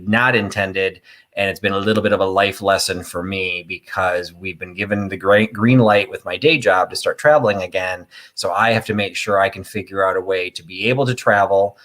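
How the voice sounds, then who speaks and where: A man's voice: fairly low pitch, fairly bright tone. A middle-aged man from Illinois hosting a live online vintage sale, chatting in a rambling way and greeting viewers by name. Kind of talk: casual live-stream chat.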